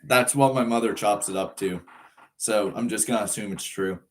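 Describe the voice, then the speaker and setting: He's nineteen, from Ireland, yet his accent comes across as American. On his live stream he reads chat aloud and rambles in a laid-back manner, laughing often and filling gaps with fillers, speaking at normal speed in a lowish voice.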